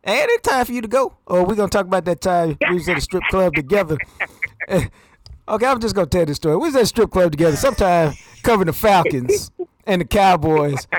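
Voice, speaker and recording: A laid-back man co-hosting a podcast with a high voice. He teases and tells stories casually, recorded close with a dry sound. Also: sing-song, quick pace, no echo. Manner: laid-back, teasing storyteller. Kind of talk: casual chat.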